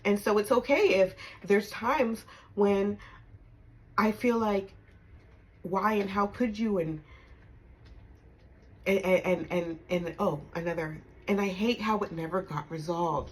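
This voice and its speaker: A woman in her thirties, a homeschooling mother, telling a personal story in candid, emphatic talk that drops soft when she reflects. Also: fairly low pitch, fairly even intonation, unhurried, slightly rough, rough recording. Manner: emphatic, punctuates with "okay?" and laughs. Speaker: storytime vlogger.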